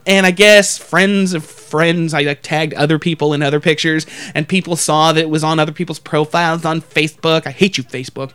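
Profane, high-voiced male podcast host. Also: steady tone, fairly quick, few pauses, a bit bright, clean tone, dry recording. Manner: profane, rambling, acts out quotes in exaggerated voices. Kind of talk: crude comedic storytelling.

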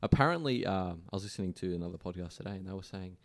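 Man, low voice, very animated pitch, quick banter, podcast regular. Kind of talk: casual chat.

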